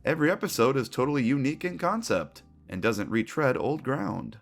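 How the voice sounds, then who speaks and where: Wry male video essayist, lively pitch. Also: brisk, gravelly, soft background music. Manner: opinionated, wry commentary. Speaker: retrospective video narrator. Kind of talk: scripted commentary.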